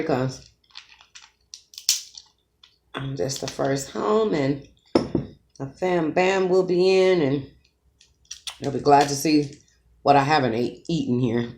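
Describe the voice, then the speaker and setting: A woman's voice: a bass voice, takes it slowly, long pauses, darkish tone, a little hiss or hum. A woman vlogging while she eats, chatting to her viewers as y'all and humming with pleasure between bites. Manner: chatty, addresses viewers as y'all, savoring hums while eating. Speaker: mukbang vlogger. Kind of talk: casual eating vlog talk to viewers.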